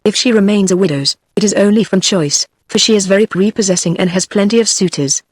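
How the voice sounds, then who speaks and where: A text-to-speech woman's voice with a British accent, reading the lines of an affable, talkative male police commissary in a storybook in an even synthetic way. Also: medium pitch, fast talker, slightly rough, no room sound, close to an everyday voice. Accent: British English.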